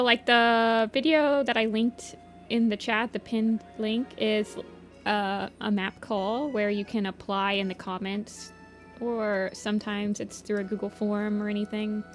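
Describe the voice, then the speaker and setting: A woman chatting casually on a livestream while she draws, reading chat messages aloud and answering them. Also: medium pitch. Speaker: art streamer.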